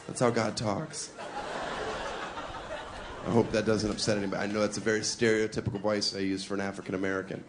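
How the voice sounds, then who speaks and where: A male stand-up comedian performing a routine, full of provocative setups and deadpan asides, chuckling at his own lines. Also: lowish voice, fast talker, long pauses, crowd noise, noisy background.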